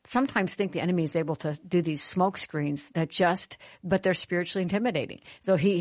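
Middle-aged female talk host, low voice, earnest storyteller with a preacher's turn, dry close sound. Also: no room sound. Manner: earnest, conversational, animated in retelling. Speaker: Christian radio host and author. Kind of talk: personal storytelling with spiritual teaching.

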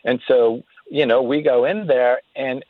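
A man's voice: mid-range voice, measured pace, no room sound. A man tells stories as a guest on a radio show. His voice comes through a narrow, tinny phone line with no room sound. He talks earnestly and often restarts his phrases. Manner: earnest, faith-filled storytelling with frequent restarts. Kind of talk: storytelling in a radio interview.

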